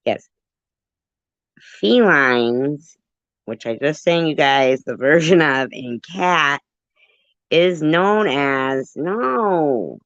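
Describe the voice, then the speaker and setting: A woman's voice: low voice, expressive, slow pace, dry recording, dull audio. A woman hosting a casual livestream trivia chat, playful and giggly. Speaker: livestream host.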